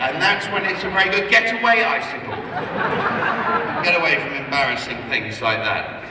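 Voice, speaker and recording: A middle-aged man giving a rambling after-dinner comedy speech, self-mocking and stumbling, with deadpan asides. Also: on the high side, brisk. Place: large hall at a gala dinner. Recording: echoey hall, heard from far off, audible room noise.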